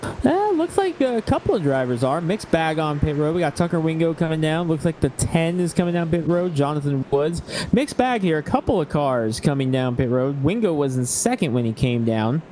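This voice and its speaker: A man's voice: a little high, very animated, moderate pace, warm tone, rough recording. A man giving color commentary on a sim race over an online call, chatty and asking his partner questions. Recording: online call with faint noise.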